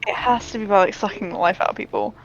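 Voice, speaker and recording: A woman's voice: mid-range voice, quick pace, gravelly, highs cut off. A woman playing in a tabletop game, chatty and laughing. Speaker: player. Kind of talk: casual tabletop play.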